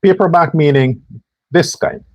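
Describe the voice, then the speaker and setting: A man's voice: fairly high pitch, a little slow, darkish tone, no echo. A man hosting a political commentary show, delivering a sarcastic and preachy rant. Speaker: host.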